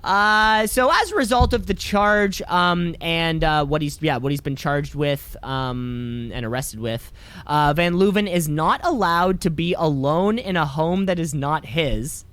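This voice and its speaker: A man's voice: fairly high pitch, animated, a little slow, a bit bright, clean tone. A man co-hosting a podcast in casual chat, rambling and joking sarcastically. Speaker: podcast co-host.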